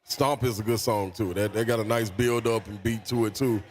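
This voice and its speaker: A man co-hosting a sports radio show, agreeing easily and talking in relaxed slang. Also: on the low side, normal speed. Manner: laid-back, agreeable, slangy. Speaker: radio co-host.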